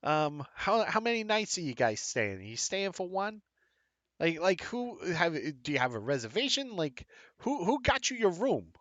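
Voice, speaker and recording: A man voicing an excitable male hotel clerk with a Boston accent who stammers and rambles. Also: high voice, normal speed, no echo, dull audio, voice pushed up. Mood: amused.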